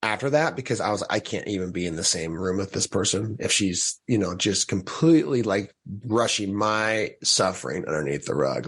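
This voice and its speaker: A man with a low-pitched, husky voice recounts a personal story as a podcast guest. He talks animatedly and acts out his own past thoughts, stumbling through restarts and breaking into short laughs. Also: expressive, moderate pace, hardly any pauses, a bit bright.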